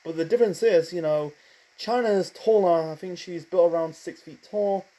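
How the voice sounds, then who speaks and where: A man giving a casual spoken review of a wrestling show, rambling with many fillers and asides, and admitting he talks too fast. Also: high-pitched, dark tone, low-quality recording.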